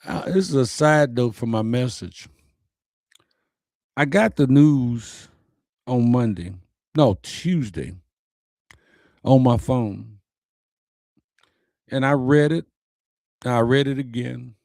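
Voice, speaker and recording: A man's voice: mid-range voice, slow, gravelly, long pauses, darkish tone, dry recording. A man hosting his own show, delivering a personal, uplifting message in an earnest, preacher-like way with repeated phrases.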